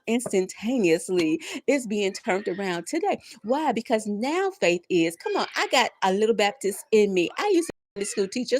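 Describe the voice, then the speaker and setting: Woman in her fifties, live-stream spiritual host; lively, preachy, repeats her lines for emphasis, close and dry sound. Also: mid-range voice, no room sound. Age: 50s. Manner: preachy, emphatic call-and-response repetition; emotional, laughing through near tears.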